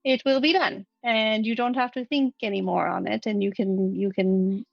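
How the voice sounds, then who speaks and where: A woman voicing a calm adventurer in a tabletop role-play, thoughtful and measured, pausing to weigh her words. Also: medium pitch, creaky, no echo, lo-fi sound. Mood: earnest. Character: calm, reasoning adventurer offering counsel.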